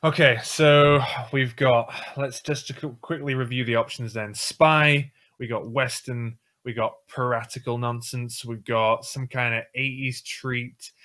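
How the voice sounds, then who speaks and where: A man's voice: medium pitch, steady tone, measured pace, hardly any pauses, fairly bright tone. A man co-hosting a comedy podcast, chatty and enthusiastic as he tells stories. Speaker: podcast co-host. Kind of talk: casual chat turning into comedy improv.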